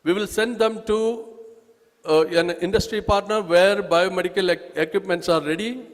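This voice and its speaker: A man with an Indian accent gives a public talk at an event, presenting a nursing course in a halting, emphatic way with frequent restarts. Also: high voice, steady tone, in a large hall. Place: event hall.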